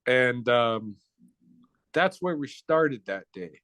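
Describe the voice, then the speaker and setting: A middle-aged man from the Blackfoot Nation, talking as an interview guest in a blunt, profane, relaxed storytelling way. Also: medium pitch, takes it slowly, no echo. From Blackfoot Nation, North America. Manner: relaxed, conversational, with short restarts.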